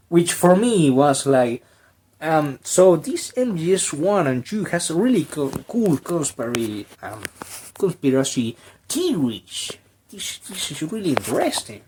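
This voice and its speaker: A slow-talking commentator with a husky, strained voice. The delivery rambles and leans on sarcasm and mock drama, with meme-style jokes throughout. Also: mid-range voice, sing-song, mellow. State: strained throat. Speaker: video commentator.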